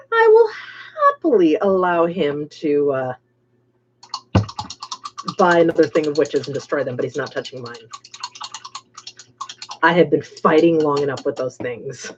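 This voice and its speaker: A woman's voice: sits low, highs cut off, slight background noise. A woman hosting a casual livestream, chatting to viewers by name as she paints miniatures.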